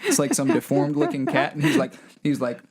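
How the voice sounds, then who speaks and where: A man's voice: medium pitch, little pitch movement, fairly quick, a little mellow. A man co-hosting a podcast, telling stories in a laid-back way with frequent chuckles. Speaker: podcast co-host. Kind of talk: casual chat.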